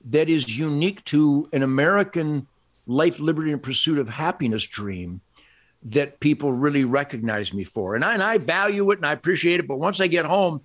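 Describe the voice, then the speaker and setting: A man's voice: a little high, expressive, fairly quick. An older man, a podcast guest, telling stories in an emphatic, boastful way and laughing often. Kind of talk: animated storytelling in conversation.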